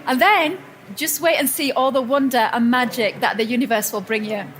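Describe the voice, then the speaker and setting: A high-voiced woman talks at normal speed to a live audience at a personal growth expo, with a slight hiss or hum in the background. Her motivational talk is warm storytelling, full of restarts and self-corrections.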